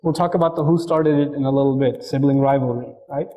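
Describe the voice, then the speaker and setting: A man giving a lively religious talk on raising children, acting out family dialogues as he goes. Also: mid-range voice, fast, rough recording. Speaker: Islamic speaker.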